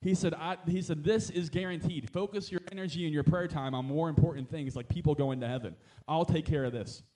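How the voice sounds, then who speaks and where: A young man preaching in a casual, lively way, tossing in asides and laughs between points. His voice sits high for a man, and the words tumble out quickly. He sounds like a pastor talking straight to his congregation. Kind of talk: sermon.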